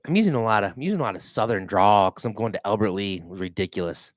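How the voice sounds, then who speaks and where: A man's voice: on the low side, racing, dry recording. Midwest guy from minnesota just rambling on his vlog, swearing, acting out stories, pretty dead dry sound. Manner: animated storytelling, mimics voices, swears freely. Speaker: realtor vlogger.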